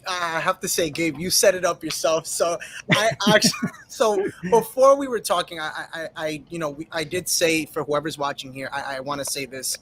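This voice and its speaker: A man hosting a casual panel chat, eager and excitable. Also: fairly high pitch, moderate pace, slight background noise. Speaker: host.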